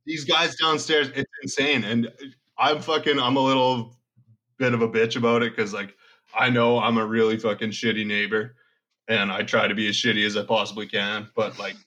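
A man's voice: medium pitch, level tone, moderate pace, sharp tone. A young man in his twenties on a casual podcast chat, telling rambling, profane stories. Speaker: podcast co-host.

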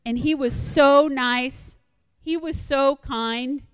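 A woman's voice: high-pitched, slow, dry recording, in a large hall. A woman telling a personal story in a sermon-like devotional talk, acting out quoted lines and repeating points for emphasis. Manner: animated retelling with quoted asides, emphatic repetition.

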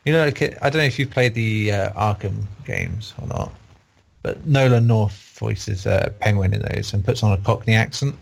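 A man's voice: on the low side, moderate pace, creaky. A man reviewing games in a casual, rambling and opinionated chat. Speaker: game reviewer on a podcast.

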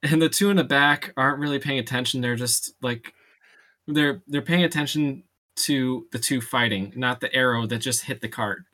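A man with a bright, forceful voice at a middling pitch, running a tabletop game as dungeon master. He describes the scene in a loose, chatty way and laughs between lines. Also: normal speed.

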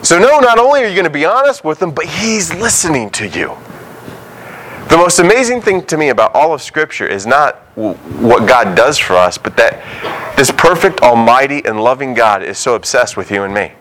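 A man's voice: mid-range voice, big pitch swings, moderate pace, fairly bright tone, slight background noise, low-quality recording. A man preaching a sermon as a pastor, talking conversationally and acting out short quoted voices.

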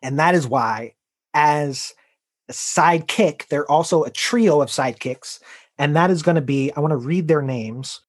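A man's voice: fairly high pitch, normal speed, slightly rough. A man co-hosting a podcast, rambling casually with lots of fillers and laughs. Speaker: podcast co-host. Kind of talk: casual comedic chat.

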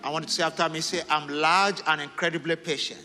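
A man pastor leading prayer and having the congregation repeat declarations after him, rising to fervent shouts. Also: a little high, steady tone, quick pace. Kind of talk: sermon and prayer. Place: large church hall. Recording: echoing hall with music.

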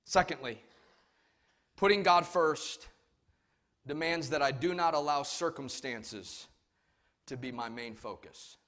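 A middle-aged male pastor preaching a sermon. He tells stories with emphasis, swinging from shouts down to hushed asides. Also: fairly high pitch, slow pace, long pauses.

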